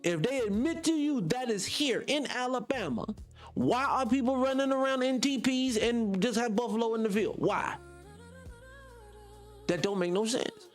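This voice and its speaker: A man with a Southern US accent hosts a radio show, delivering an off-the-cuff monologue in an animated, preachy style, firing off rhetorical questions and swearing casually. His voice is very high-pitched at a moderate pace, with soft music in the background.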